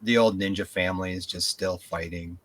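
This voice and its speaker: A man's voice: sits low, fairly quick. A man on a podcast, chatting casually and telling rambling stories with plenty of profanity. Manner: rambling, animated storytelling with profanity. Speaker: podcast co-host. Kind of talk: casual chat.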